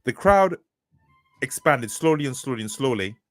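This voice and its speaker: Man, author, improvised story narration, crude, animated, very expressive pitch, dry recording. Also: normal speed, no room sound, soft background music. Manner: animated, crude, laughing asides. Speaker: author co-hosting a story podcast.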